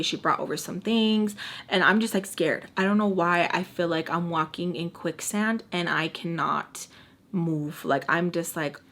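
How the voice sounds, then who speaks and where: A woman's voice: lowish voice, fairly bright tone, a little hiss or hum. Young woman dramatically telling a story. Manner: dramatic, acts out her own past lines in quotes; repeats phrases for emphasis. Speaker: storytime vlogger. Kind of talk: casual storytelling.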